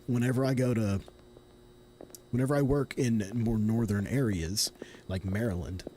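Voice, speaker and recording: A man's voice: fairly low pitch, darkish tone, a little hiss or hum. A young man from Tennessee streaming a horror game, chatting casually and thinking aloud in a rambling, self-correcting way. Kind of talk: casual live gameplay commentary.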